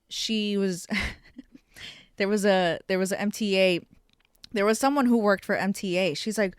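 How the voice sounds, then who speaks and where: Young woman, solo podcast host; chatty and foul-mouthed, mid-pitch, dry sound. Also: unhurried, pauses often, smooth, no room sound. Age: young adult. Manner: chatty, profane, self-mocking. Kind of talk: casual solo podcast chat.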